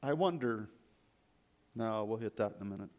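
A man's voice: lowish voice, lively intonation, normal speed, dull audio. Guy preaching a sermon, reads scripture out, pretty reflective, lifts his voice on the verses.

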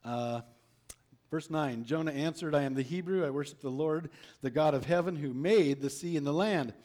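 A man's voice: fairly high pitch, normal speed, a little mellow. A man preaching a sermon, reading a Bible story aloud and asking his listeners rhetorical questions.

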